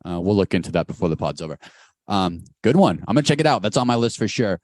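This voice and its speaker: A man co-hosting a podcast over a video call, telling stories in a rapid, animated way with big jumps in pitch. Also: no room sound, clean studio sound. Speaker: podcast co-host. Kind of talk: casual podcast chat. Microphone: recorded over a video call.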